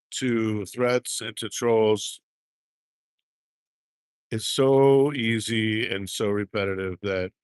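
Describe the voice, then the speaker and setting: A man's voice: on the low side, smooth, no room sound. A man hosting a casual livestream, chatting in a folksy, drawling way from a handheld camera rig. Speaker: livestream host. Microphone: handheld gimbal camera.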